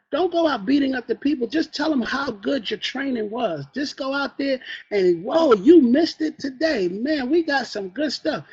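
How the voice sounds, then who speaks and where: A man with a slightly husky voice leads a motivational training talk, preaching to his team and asking them for "amen". The recording sounds dull and lo-fi. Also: very high voice. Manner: preachy, calls for "amen" and asks the listeners questions.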